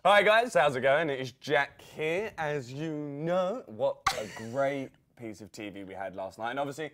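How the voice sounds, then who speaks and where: A man's voice: mid-range voice, normal speed, noisy background. A man co-hosting a casual TV recap chat, blunt and cheeky, laughing often. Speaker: co-host.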